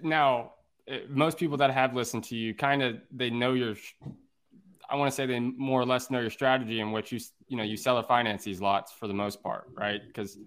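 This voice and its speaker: A man co-hosting a podcast, relaxed, chiming in briefly and asking loose questions. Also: medium pitch, fairly quick, smooth. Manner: relaxed, short affirmations, rambling questions. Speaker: podcast co-host. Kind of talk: casual podcast interview.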